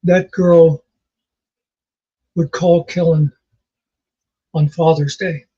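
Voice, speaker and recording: A man's voice: a little high, little pitch movement, very slow, mellow, slightly rough, lo-fi sound. A man co-hosting a casual chat, telling rambling stories with many fillers. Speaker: podcast co-host.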